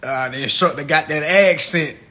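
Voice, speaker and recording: On a laid-back livestream, the host launches into a slang-filled, animated rant at a moderate pace, veering between quiet mutters and shouting while cracking himself up.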